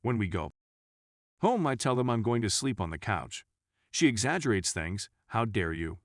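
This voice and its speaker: A man reading a written story aloud as a scripted narration, in a steady read-aloud delivery. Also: mid-range voice, moderate pace, no echo, clean studio sound.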